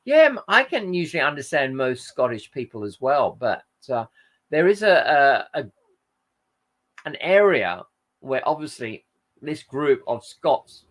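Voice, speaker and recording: A man's voice: medium pitch, sing-song, measured pace, fairly bright tone. An Australian man hosting a casual livestream, reading viewer comments aloud and rambling in friendly chat.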